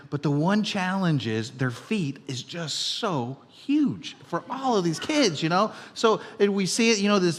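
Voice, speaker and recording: A middle-aged man preaching a sermon as pastor, telling everyday stories in a conversational way and dropping from loud to hushed. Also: a little high. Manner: conversational storytelling, swinging between loud and hushed. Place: church auditorium. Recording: long reverb of a church hall.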